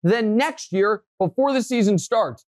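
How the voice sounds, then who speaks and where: Recorded in a dry, echo-free studio, this Kansas City–area sports talk host speaks a little slowly in a casual chat. He tells his stories with animation, his voice rising whenever he gets worked up.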